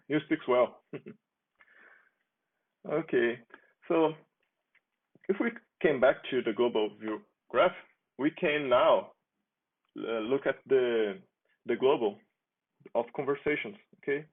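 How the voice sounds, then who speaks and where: A man giving a relaxed, chatty demo of his own software, restarting phrases and chuckling now and then. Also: medium pitch, slow pace, long pauses, husky. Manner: relaxed, chatty, with frequent restarts and small laughs. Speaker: software developer demoing his app. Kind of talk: casual screen-recorded software demo. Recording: tinny phone-like sound.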